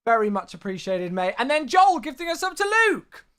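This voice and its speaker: Chatty man with lively pitch. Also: brisk, smooth. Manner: chatty, thanks viewers warmly by name, says "mate" a lot. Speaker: flight sim streamer. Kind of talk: casual live-stream chat.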